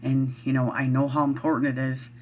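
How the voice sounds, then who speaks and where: A very deep, level, slightly mellow voice comes from a middle-aged woman vlogging at home about parenting. She chats to camera briskly and casually, rambling with many fillers and restarts, over a faint hiss or hum.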